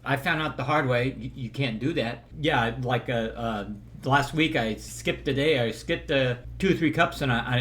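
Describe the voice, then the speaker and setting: A man's voice: medium pitch, a bit bright, slight background noise. A man giving a casual, rambling movie review from a hotel room, stumbling over words and joking along the way. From Southern California. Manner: rambling, stumbling, jokey, slips into impressions.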